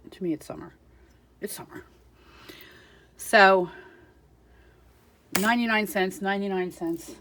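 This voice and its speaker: A woman's voice: fairly low pitch, bright, forceful tone, a little hiss or hum. A woman chatting casually through a crafting haul, chatty and self-deprecating, giggling at herself. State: out of breath.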